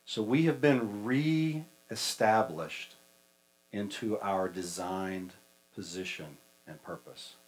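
A man's voice: fairly low pitch, takes it slowly, low-quality recording. Folksy, conversational male preacher. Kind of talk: sermon.

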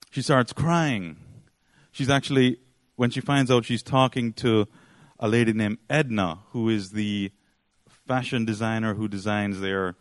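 Male preacher, mid pitch, rambling storyteller, dry close sound. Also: no echo. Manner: rambling storyteller, many fillers. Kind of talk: sermon.

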